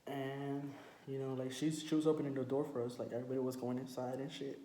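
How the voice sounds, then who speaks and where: A young man eats while casually telling a story, his speech slangy, profane, and packed with fillers. His mellow, mid-range voice moves quickly with little change in pitch. The recording has a roomy echo and faint background noise.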